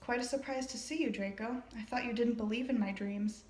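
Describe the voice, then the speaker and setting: A woman reading aloud as a wry grown wizard, in a quick manner. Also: fairly high pitch, steady tone, a little mellow, lightly acted. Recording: roomy echo.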